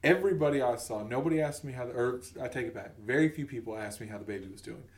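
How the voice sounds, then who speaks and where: A man's voice: medium pitch, fast, reverberant, far from the mic. A man in his thirties telling a funny story on a podcast, acting out the voices of the people in it. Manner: animated, acts out voices in his stories. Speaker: podcast co-host. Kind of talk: casual comedic storytelling.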